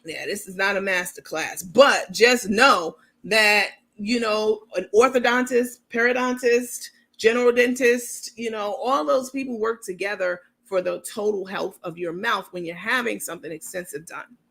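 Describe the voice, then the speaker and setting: In a mid-range voice with vocal fry and a slight brightness, this woman talks at a normal speed with few pauses. She hosts a commentary channel, rambling chattily in a casual livestream way and reading viewer comments; she's an adult with a university degree and a New York accent.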